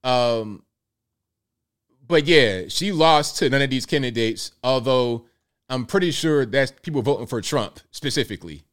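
A man's voice: mid-range voice, lively intonation, unhurried, a bit bright. Emphatic Southern American man commentating. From United States. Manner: emphatic, repeats phrases, fires rhetorical questions at viewers. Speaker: political commentary host. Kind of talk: solo political commentary livestream.

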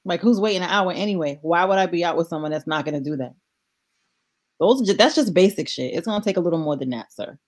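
A woman's voice: lowish voice, expressive, fast. A woman guest in a casual chat, talking bluntly and skeptically.

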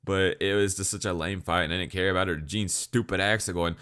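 A man's voice: deep voice, steady tone, brisk, a bit bright, clear, resonant tone. A young man giving a blunt, profane, sarcastic anime review in casual ranting commentary.

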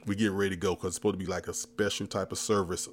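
A man hosting a podcast, telling a comic story with lively re-enactments of his own reactions. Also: low-pitched, racing, slight background noise. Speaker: podcast host. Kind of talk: comedic storytelling.

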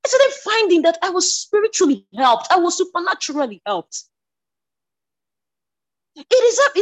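A woman shares a spoken church testimony in a high voice that swings widely in pitch. She stumbles over restarts and repeats words, then surges into emotional, near-shouted declarations. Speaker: church member sharing a testimony.

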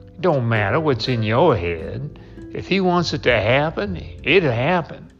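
A man voicing a folksy older baseball coach who talks calmly about faith, with a homespun, sermonizing manner. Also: medium pitch, unhurried. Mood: earnest. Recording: dull lo-fi with faint music.

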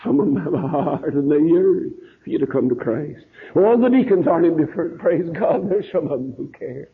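An older man preaches in a husky voice that sits fairly high for a man. He tells folksy stories, sometimes quiet and sometimes rising. The sound is thin and tinny, like an old phone-line sermon tape. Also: animated, fairly quick. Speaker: pastor.

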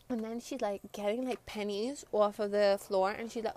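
A woman's voice: fairly high pitch, a little fast, dark tone. Profane young New woman. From Brooklyn, New York. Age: young adult. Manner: profane, rambling, quotes friends mid-story. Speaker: storyteller. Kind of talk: casual storytime.

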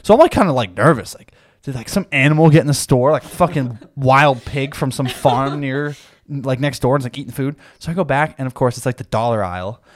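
A man's voice: medium pitch, brisk, dry recording. A man in his twenties hosting a podcast, telling a profane story in a loose, laughing chat. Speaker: podcast host.

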